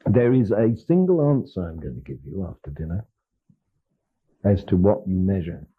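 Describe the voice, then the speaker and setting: A man's voice: low voice, big pitch swings, normal speed, slightly rough. An older man giving a lecture, telling stories animatedly, acting out dialogue and often laughing. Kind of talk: lecture with storytelling. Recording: lo-fi, phone-like archival tape.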